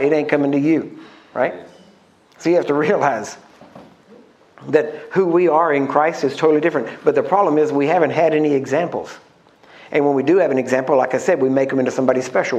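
A man preaching a sermon, emphatic, slowing down to stress key words and asking the congregation questions. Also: medium pitch, a little mellow, dull audio.

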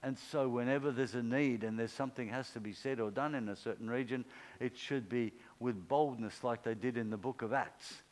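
Man preaching a conversational sermon. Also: low-quality recording. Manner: conversational, acts out quoted speech with pitch swings. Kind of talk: informal sermon.

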